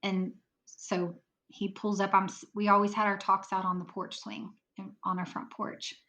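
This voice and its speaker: A woman's voice: mid-range voice, flat delivery, normal speed, sharp tone. A woman on a podcast telling an emotional personal story in earnest, acting out the voices of people in it. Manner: earnest, acts out quoted voices in her story. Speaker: podcast guest.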